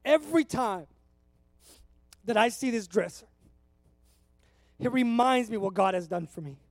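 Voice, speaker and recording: A man's voice: sits high, moderate pace, dry recording. A man in his thirties from California, preaching a conversational sermon to his congregation in an earnest way. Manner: earnest, conversational, emotional at times. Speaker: pastor.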